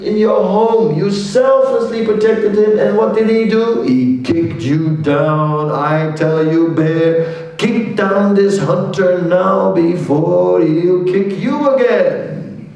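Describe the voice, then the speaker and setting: A man voicing a sly, scheming male tiger who urges slowly and emphatically in a raised voice, in a storytold fable. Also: animated, darkish tone, faint music behind, exaggerated voice. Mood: urging. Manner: raised pitch, slow emphatic urging. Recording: echoey hall from far off.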